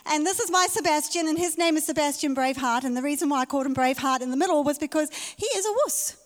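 A woman's voice: high voice, quick pace. A woman pastor preaching a sermon in a church, emphatic and repeating her key phrases. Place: church hall. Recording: reverberant church hall.

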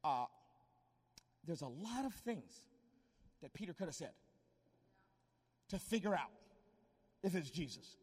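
A man's voice: a little high, sing-song, unhurried, long pauses, breathy edge. A man preaching a live sermon in an emphatic way, urging the crowd to call back to him in a large hall. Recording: long hall reverb.

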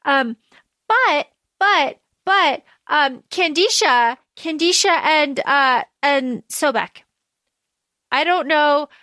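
A woman's voice: sits high, lively intonation, slow pace, pushed and bright, no room sound, studio quality. A woman co-hosting a podcast, casually discussing a book and retelling scenes with lots of fillers. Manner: rambling retelling full of fillers. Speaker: podcast co-host.

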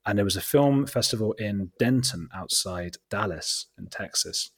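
Husky Englishman telling a story. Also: lowish voice, normal speed. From England. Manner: animated, self-deprecating, many fillers and quoted asides. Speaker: documentary filmmaker, guest. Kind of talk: casual interview storytelling.

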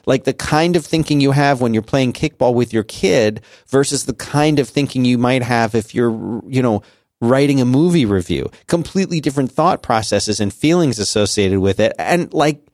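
A man's voice: mid-range voice, animated, normal speed, a little mellow, no room sound, clean studio sound. A man in his forties chatting casually on a podcast, rambling with many restarts and fillers. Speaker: podcast co-host. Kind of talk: casual conversational chat.

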